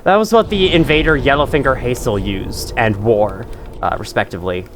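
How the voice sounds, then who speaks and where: A man's voice: medium pitch, moderate pace, noisy background. A young man hosting a casual let's-play with chatty, self-mocking asides, his nose runny from allergies. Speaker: gaming channel host.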